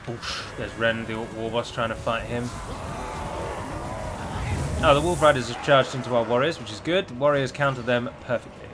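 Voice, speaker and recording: A man's voice: medium pitch, normal speed, background noise. A man commenting on his own strategy game, chatty and wry, asking his units what they are doing. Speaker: gameplay commentator.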